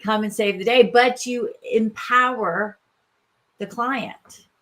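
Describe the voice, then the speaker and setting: A woman with a bright, sharp-toned voice co-hosting a casual podcast. She talks hesitantly, with plenty of fillers and quick murmurs of agreement. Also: on the high side. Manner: hesitant, many fillers, brief affirming replies. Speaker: podcast co-host.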